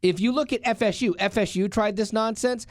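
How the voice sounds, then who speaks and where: A man's voice: high-pitched, fairly quick, no echo, clean studio sound. A married man co-hosting a talk show, telling stories casually and ranting with passion. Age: adult, married. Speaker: radio show co-host. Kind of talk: casual studio banter.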